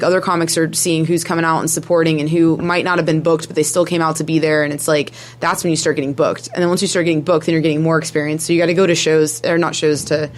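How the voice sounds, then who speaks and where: A woman who hosts comedy shows, chatting casually and rambling with lots of "like". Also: sits low. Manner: rambling, heavy use of "like". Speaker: comedy show host. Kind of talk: casual chat.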